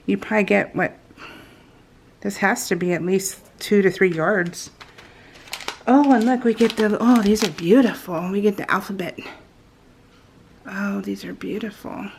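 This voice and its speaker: Gushing woman with a gravelly edge. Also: medium pitch. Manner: gushing and excitable, often dropping to a soft whisper. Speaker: craft vlogger. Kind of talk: casual unboxing chat.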